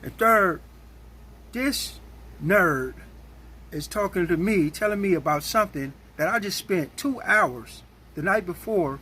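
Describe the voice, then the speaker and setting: A man telling a story in a casual, animated and blunt way, with plenty of slang. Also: sits high, measured pace, slight background noise.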